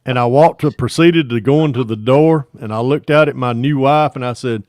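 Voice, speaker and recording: A man's voice: medium pitch, fairly quick, darkish tone, no room sound, clean studio sound. Southern man telling a rambling joke. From Atlanta, Georgia area. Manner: rambling, laughs through his jokes. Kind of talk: casual storytelling chat.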